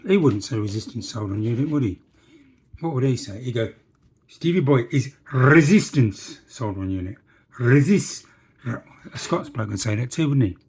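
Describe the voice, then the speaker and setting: Husky man chatting at his workbench. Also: mid-range voice, mellow. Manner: chatty, jokey asides, talks to himself while working. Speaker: model railway hobbyist. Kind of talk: casual workshop demonstration.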